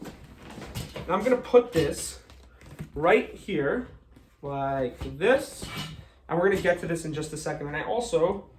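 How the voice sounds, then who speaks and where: A man's voice: fairly high pitch, animated, takes it slowly, long pauses, a little hiss or hum. A young American man doing live magic patter, chatty and joking at his own expense. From United States. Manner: chatty, joking, self-deprecating.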